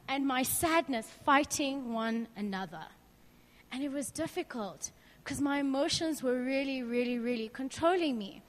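A young woman with a high, bright-pitched voice talks to a group about faith in a chatty, candid way. She keeps asking the room questions and draws on her own stories. Her voice rings out with a long reverb, as if in a large hall. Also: moderate pace. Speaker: youth speaker. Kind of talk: informal faith talk to a group.

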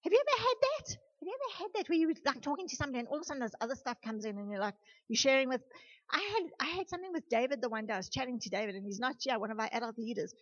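A woman youth leader gives an animated sermon in a church meeting room, asking the group questions as she goes. Her voice sits a little high and has a husky edge. The recording is dull and lo-fi. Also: racing. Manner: animated, talks straight to the group.

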